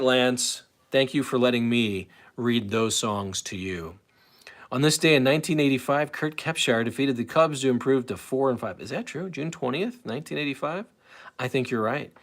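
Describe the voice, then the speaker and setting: A man's voice: mid-range voice, a bit bright. A man in his late forties hosting a live stream, chatting casually in a rambling, self-interrupting way and answering chat. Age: late 40s.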